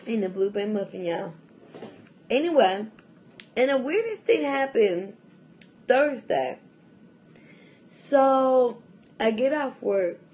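A woman's voice: fairly high pitch, expressive, slow, long pauses, a little mellow. A young adult woman vlogging in a casual, rambling chat to camera, full of fillers and restarts and often breaking into laughs.

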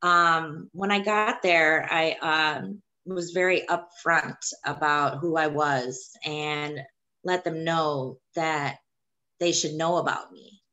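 A young woman with a low, deep-set voice recounts her own experience. She speaks haltingly and hesitantly, in the plain way of a personal testimony. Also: fairly even intonation, bright, forceful tone, lo-fi sound. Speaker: woman sharing her childbirth story.

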